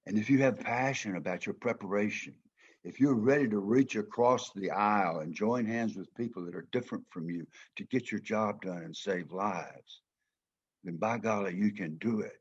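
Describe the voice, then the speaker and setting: A man's voice: lowish voice, moderate pace, slightly rough, muffled recording. An older man with a Southern American accent, from Georgia, telling stories in a folksy, emphatic way as a guest speaker. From Georgia, United States. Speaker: former football player and coach, guest speaker. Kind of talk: storytelling talk.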